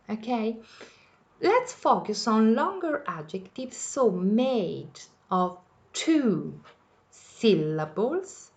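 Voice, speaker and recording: Patient bilingual teacher with an Italian accent. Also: female voice, mid-range voice, highs cut off. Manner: patient, repeats each point in two languages. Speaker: English teacher. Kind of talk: bilingual grammar lesson.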